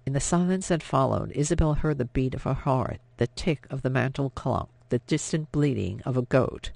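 A man reading an audiobook in scripted narration, measured and even. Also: medium pitch, gravelly, dry recording.

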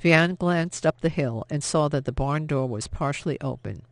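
A man reads scripted audiobook narration at a steady, measured pace. His voice is somewhat high and gravelly, captured dry and close to the microphone with no echo.

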